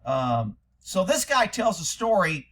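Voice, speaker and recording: Blunt, profane middle-aged man, high voice. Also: sing-song, slow pace, pushed and bright. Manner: blunt, profane, laughing often. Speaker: former police officer commenting on videos. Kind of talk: casual commentary vlog.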